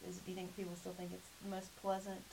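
A woman interviewer asking halting questions, often restarting them. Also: fairly low pitch, completely flat delivery, gravelly. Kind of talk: oral-history interview questions. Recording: hissy recording.

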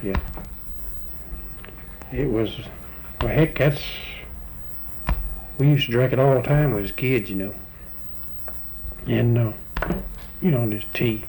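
A man's voice: mid-range voice, slow, long pauses, noisy background. An older man, chatting casually as the interviewee in a folksy, rambling, plainspoken way. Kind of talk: casual chat.

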